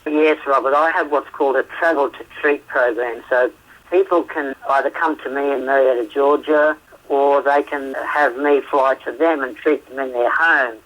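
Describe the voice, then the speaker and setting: A man from Australia with an Australian accent, talking as a guest therapist in a phone interview, chatty, laughing often and filling pauses with "uh" and "um". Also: mid-range voice, fairly even intonation. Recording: radio show phone line.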